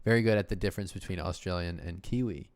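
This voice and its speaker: A man with a lowish voice hosts a casual livestream, talking in loose, rambling runs. He keeps breaking off mid-thought and laughing. The sound is close and dry, with no room around it. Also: quick pace, darkish tone, dry recording. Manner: rambling, self-interrupting, laughs often. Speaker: host.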